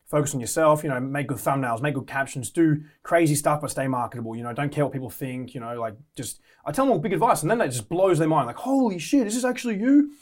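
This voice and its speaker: A young Australian man hosting a casual chat, energetic, with lots of filler words and swearing. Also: medium pitch, fast talker, hardly any pauses.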